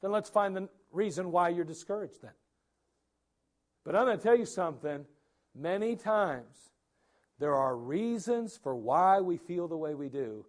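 Man, pastor, sermon, high-pitched, animated, acts out quotes. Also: measured pace. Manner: animated preaching, acts out people's words.

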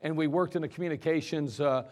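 A man's voice: on the high side, quick pace, darkish tone. A man preaching a sermon in a casual, storytelling way, often putting questions to his congregation. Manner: conversational, asks the congregation questions. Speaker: pastor. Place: church sanctuary.

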